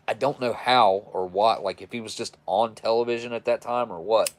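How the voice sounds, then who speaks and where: A man's voice: lowish voice, normal speed, a little hiss or hum. Folksy self-described redneck man. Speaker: livestream host reviewing military rations. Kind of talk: casual livestream chat.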